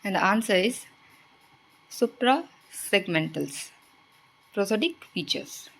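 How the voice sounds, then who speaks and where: Brief: female exam-prep tutor, steady mid-pitched voice, reads questions then explains the answers. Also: takes it slowly, creaky, breathy edge, low-quality recording. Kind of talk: reading quiz questions and answers.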